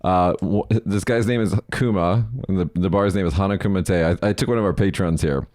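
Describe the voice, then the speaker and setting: Deep-voiced man, casual swearing podcast host. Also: fairly quick, no echo, studio quality. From Las Vegas, United States. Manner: swears casually, rambling and animated. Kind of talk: casual chat.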